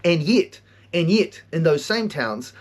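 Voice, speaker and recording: A man hosting a podcast, telling stories in an animated way, swearing a lot and often laughing. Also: on the high side, a little slow. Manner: animated storytelling, heavy swearing, frequent laughter. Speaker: podcast host and counselor. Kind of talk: casual monologue.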